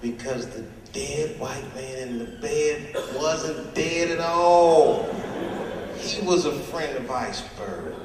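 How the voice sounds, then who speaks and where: A man's voice: a little high, slow pace, background noise. A man comedian telling a profane, conversational story on stage, recorded from far off in an echoey hall. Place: large hall at a live event.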